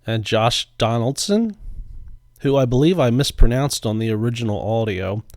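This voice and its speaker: A middle-aged man giving a relaxed, chatty voice-over as he opens packs of baseball cards, often unsure how names are pronounced. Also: mid-range voice, moderate pace, dry recording, studio quality. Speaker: card-opening video host. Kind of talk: casual voice-over narration.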